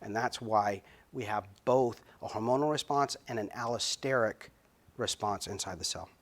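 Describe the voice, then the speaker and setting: A middle-aged man giving a recorded biochemistry lecture, halting and filler-heavy, stretching out key words. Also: lowish voice, fairly bright tone.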